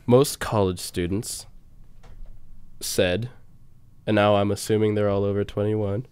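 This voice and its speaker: A young man co-hosts a casual radio show, his low voice smooth and clear on a dry close mic. He rambles through numbers and song introductions, laughing and filling pauses with "um". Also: steady tone, a little mellow, no echo. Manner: rambling, laughs often, trails off into fillers.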